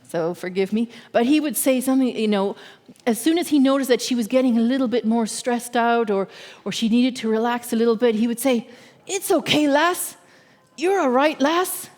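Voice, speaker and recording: A woman giving a sermon as a guest speaker in a church, talking in an earnest, measured way and often checking in with her listeners. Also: on the high side, darkish tone, big-room sound. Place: church sanctuary.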